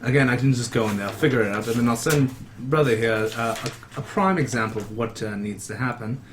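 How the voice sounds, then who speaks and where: A man playing a tabletop game, describing his character's actions in a rambling, halting way. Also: medium pitch, a little hiss or hum. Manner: rambling, halting with fillers and restarts. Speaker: player. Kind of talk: casual in-character planning.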